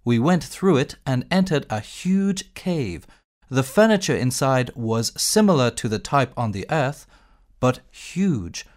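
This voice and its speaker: A man reading textbook audio, slow and clear, narrating a story and giving exercise instructions. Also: medium pitch, very animated. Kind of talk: scripted narration.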